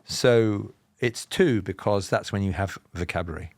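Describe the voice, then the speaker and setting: Low gravelly English man, BBC-style accent. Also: dry recording, studio quality. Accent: Southern English, BBC-style received pronunciation. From England. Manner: measured, explanatory, with self-deprecating humour. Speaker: podcast guest. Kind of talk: reflective personal storytelling.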